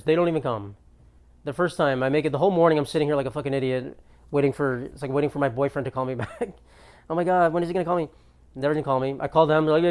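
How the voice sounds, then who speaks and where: A man's voice: medium pitch, a little mellow. A young man from the United States ranting through an exasperated, profane comedic monologue as a podcast host in his apartment.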